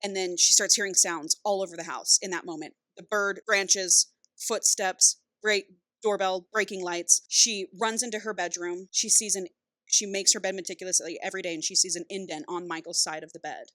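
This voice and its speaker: A woman podcast co-host recapping a novel in casual, animated storytelling with casual profanity. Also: medium pitch, normal speed, dry recording.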